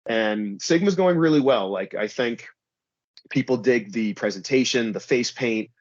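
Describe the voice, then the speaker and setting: A man's voice: mid-range voice, measured pace, no room sound. A man being interviewed as a wrestler, talking casually and rambling with lots of "like" and "you know". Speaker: pro wrestler guest. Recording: slightly dull, dry recording.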